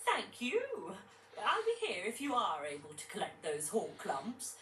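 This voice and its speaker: A woman's voice: mid-range voice, huge pitch swings, measured pace, fairly bright tone, far from the mic, slight background noise. An actress voicing a helpful village woman in a video game, polite and eager to please. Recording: roomy echo, heard from afar.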